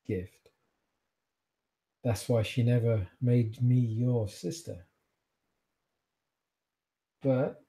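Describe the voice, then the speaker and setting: A freshly turned vampire seer drifts through half-remembered visions in a dreamy, wandering drawl, as a man puts her on. She is dazed and ravenous, and her voice sits mellow and dark. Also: medium pitch, gravelly. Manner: drawling, dreamy, easily distracted. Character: newly turned female vampire prophet, dazed, hungry.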